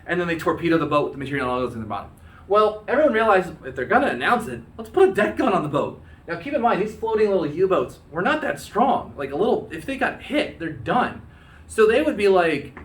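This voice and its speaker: A male history teacher records a casual lecture on his phone, his voice sitting a bit high. He talks in a loose, chatty way and drops into joking voices for the people he describes. The sound is echoey, as if in a bare room. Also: expressive, fairly bright tone, recorded from a distance. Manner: chatty, acts out quick dialogue in joking voices.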